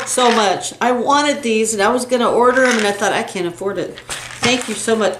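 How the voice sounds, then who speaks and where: A woman's voice: on the high side, brisk. Gushing older woman unboxing gifts. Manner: gushing, gasping with excitement, chatty. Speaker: beauty channel co-host. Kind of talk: casual unboxing chat. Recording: echoey room with faint hiss.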